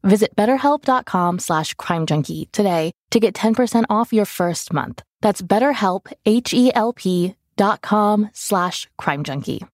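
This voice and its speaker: A woman's voice: medium pitch, animated, measured pace, few pauses, no room sound, studio quality. A woman co-hosting a podcast, who reads a sponsor spot and teases her co-host in casual chat. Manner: playful, teasing.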